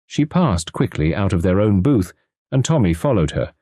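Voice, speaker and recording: Male audiobook narrator, low dark voice, animated delivery, dry close recording. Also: normal speed, no echo. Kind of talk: audiobook narration of a classic mystery.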